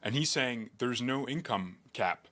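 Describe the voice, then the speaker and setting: A man's voice: mid-range voice, lively intonation, a little slow, over a noisy crowd. A man streaming casual political commentary in an opinionated, conversational way. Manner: opinionated, conversational, talks things through.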